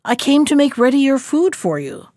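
A woman's voice: sits high, sing-song, normal speed, darkish tone, no room sound, clean studio sound, pitched above the performer's own voice. A woman reading as a sly little serving boy. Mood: plain. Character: little fair-haired boy servant, sly.

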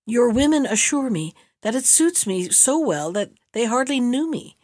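A woman reading the part of a gentle, devoted young woman who speaks politely. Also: a little high, very animated, normal speed, dry recording, studio quality.

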